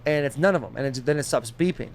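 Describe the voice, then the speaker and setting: Young podcast guy, kinda high voice, rambly and animated, swears nonstop. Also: quick pace, a little hiss or hum. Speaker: podcast co-host. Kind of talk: casual storytelling.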